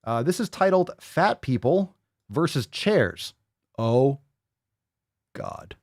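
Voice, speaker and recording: A man's voice: medium pitch, very animated, slow, darkish tone, no room sound, studio quality. A man hosting a show, mocking and exasperated as he reacts to a video clip and swears freely. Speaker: host reacting to clips. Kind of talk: casual reaction commentary.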